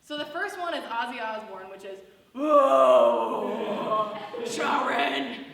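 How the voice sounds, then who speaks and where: A woman's voice: fairly high pitch, very animated, a little fast, fairly bright tone. A young woman doing a rambling stand-up set, heavy on filler words. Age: young adult. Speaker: stand-up comedian. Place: student comedy show in a hall. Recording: distant, echoey hall recording.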